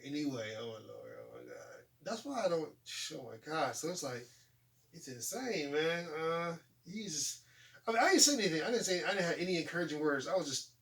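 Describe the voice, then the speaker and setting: A man in his forties chats as the host of a casual talk show. His voice sits a little high for a man, and he sounds set back from the microphone. He tells his stories with energy, laughs, and acts out quotes in different voices. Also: brisk, far from the mic. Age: 40s. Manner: animated, laughing storyteller acting out quotes. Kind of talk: casual chat.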